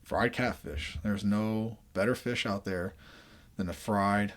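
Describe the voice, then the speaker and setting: A man's voice: lowish voice, slow. A man from the American South with a Southern accent, hosting a casual podcast chat in a rambling, laid-back way. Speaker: podcast host.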